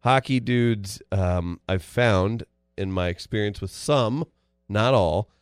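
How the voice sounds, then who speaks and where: A man's voice: lowish voice, slow, clear, resonant tone, no echo, clean studio sound. A man co-hosting casual sports talk, wry and rambling. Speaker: co-host.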